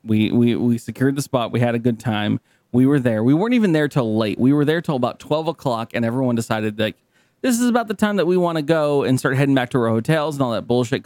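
A man's voice: mid-range voice, a little mellow, no room sound. A man co-hosting a podcast in casual chat, ranting in exasperation, swearing and repeating himself. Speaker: podcast co-host.

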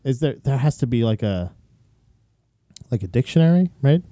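A man's voice: medium pitch, animated, moderate pace, mellow, no room sound, clean studio sound. A young man co-hosting a casual chat while reacting to videos, rambling and crude with many restarts.

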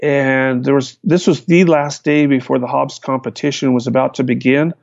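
A man, a hang glider pilot, recounting his flights in a lively storytelling manner. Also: medium pitch, moderate pace, creaky, dry recording. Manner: animated, vivid retelling with restarts. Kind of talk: storytelling in a conversation. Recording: dull, lo-fi, dry sound.

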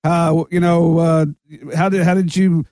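A man hosting a radio interview asks questions with eager curiosity. His voice sits fairly high, and the sound is dry and close. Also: flat delivery, measured pace, warm tone, dry recording. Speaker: radio show host, interviewer.

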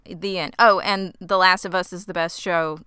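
A woman's voice: on the low side, fairly even intonation, normal speed, sharp tone, clean tone, no room sound. A woman co-hosting a podcast in casual chat, with a dry, sarcastic sense of humor. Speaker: podcast co-host.

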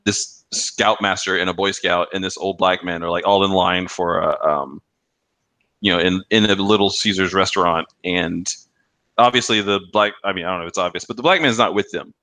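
A man's voice: low voice, steady tone, moderate pace, sharp tone, dry recording. A man co-hosting a casual podcast, telling stories and acting out quoted commercials in raised voices. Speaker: podcast co-host. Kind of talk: casual chat.

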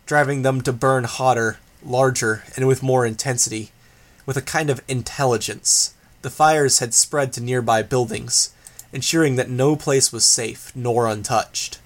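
Steady and measured, a man with a medium-pitched voice reads a novel aloud as an audiobook in scripted narration.

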